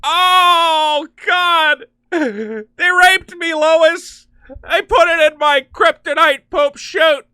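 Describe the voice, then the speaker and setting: A man's voice: extremely high pitch, very fast, hardly any pauses, dry recording, pitched above the performer's own voice. A man voicing a melodramatic adult male superhero, wailing and sobbing in an overwrought parody.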